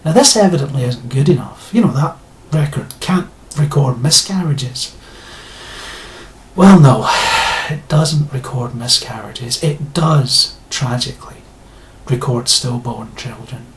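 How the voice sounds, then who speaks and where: A man's voice: mid-range voice, measured pace. A man delivering a sarcastic, indignant rant to his viewers, blunt and given to swearing. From Scotland. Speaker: video blogger. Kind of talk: ranting monologue to camera.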